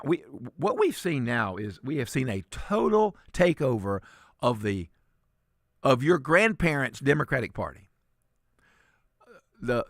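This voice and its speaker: A man's voice: medium pitch, fairly bright tone, dry recording, clean studio sound. A man filling in as a talk radio host, giving emphatic, sarcastic commentary and often repeating words.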